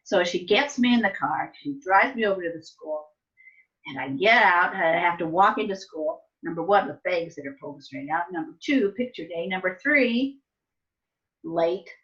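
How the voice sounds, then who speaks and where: A woman's voice: lowish voice, normal speed. An older woman recalls her childhood in an easy, chatty interview. She livens her tellings by acting out her younger self and her mother. The recording sounds a little dull and muffled. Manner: animated storytelling, acts out her younger self. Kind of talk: telling family stories. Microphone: soft and distant at times.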